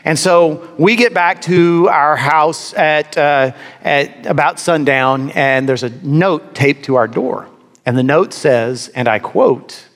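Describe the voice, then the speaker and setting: A man's voice: mid-range voice, unhurried, a bit bright, long reverb tail. A man preaching a sermon, telling a personal story with wry, self-deprecating humor. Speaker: pastor.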